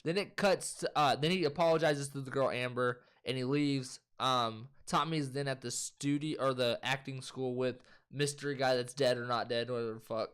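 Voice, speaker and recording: A young man, co-hosting a casual chat and loosely retelling a movie plot with profanity and quick voices. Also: medium pitch, fairly even intonation, fairly bright tone, smooth. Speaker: co-host.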